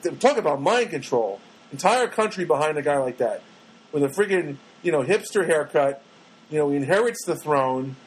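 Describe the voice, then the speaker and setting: A man's voice: fairly high pitch, husky, low-quality recording. A middle-aged man hosting his own podcast, rambling and self-mocking and now and then breaking into a sung snatch. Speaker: podcast host. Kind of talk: rambling solo podcast monologue.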